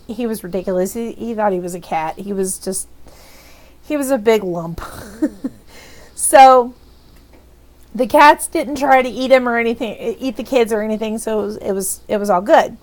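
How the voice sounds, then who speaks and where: Woman vlogger with a slightly high voice, chatty and rambling, telling a casual story. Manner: chatty, rambling, with frequent restarts and laughs.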